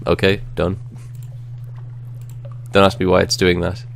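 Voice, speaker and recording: A man's voice: low-pitched, monotone, measured pace, creaky, slight background noise. A man casually chatting while playing a video game and reading its text aloud. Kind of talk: casual gaming chat.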